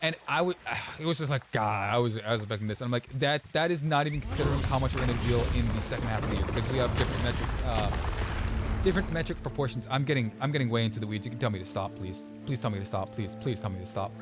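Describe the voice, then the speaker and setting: A young man streaming a game and chatting casually, rambling with many restarts and quick laughs. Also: medium pitch, music in the background. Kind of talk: casual chat while gaming.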